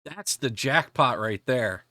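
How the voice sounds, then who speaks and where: A man hosting a reaction video, chiming in with quick joking asides in casual commentary. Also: medium pitch, lively intonation, crowd noise. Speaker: reaction channel host.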